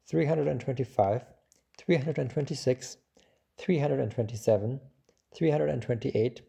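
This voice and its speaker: A man narrating a storybook in a calm, measured way. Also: medium pitch, vocal fry, slightly rough. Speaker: audiobook narrator.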